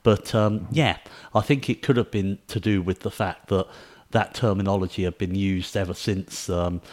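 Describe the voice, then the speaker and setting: A British man with a very low, deep voice talks in a loose, conversational way. He hosts the chat and wanders through his points with plenty of ums and uhs. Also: steady tone, moderate pace, darkish tone. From United Kingdom. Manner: rambling, with frequent ums and uhs. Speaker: podcast host.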